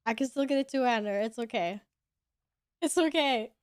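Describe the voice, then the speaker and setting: A woman's voice: a little high, fast, darkish tone, clear, resonant tone, no echo, clean studio sound. A young woman streaming a game, chatting casually with her viewers and swearing now and then. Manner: chatty, talking to chat while playing, swears casually. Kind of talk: casual gameplay commentary.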